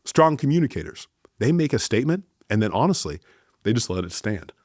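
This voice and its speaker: Deliberate man with a dry, close sound. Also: mid-range voice, sing-song, a little mellow, no room sound. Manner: deliberate, emphatic, slows down for key points. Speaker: host. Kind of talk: leadership talk.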